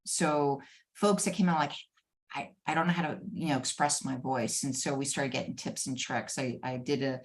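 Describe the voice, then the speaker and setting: A woman with a low voice is being interviewed over a video call. She tells her stories in an animated, conversational way and laughs now and then. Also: normal speed. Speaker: guest, former head of HR.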